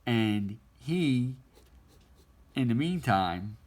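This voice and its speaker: A man's voice: medium pitch, animated, extremely slow, a little mellow. A middle-aged man casually telling a childhood story while he draws, rambling and laughing often. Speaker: artist drawing on stream.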